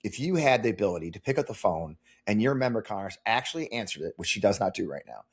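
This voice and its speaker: Congressional candidate, male, quick delivery, husky voice, animated storyteller. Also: fairly low pitch. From Missouri. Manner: animated storyteller, many restarts. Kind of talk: conversational interview answers.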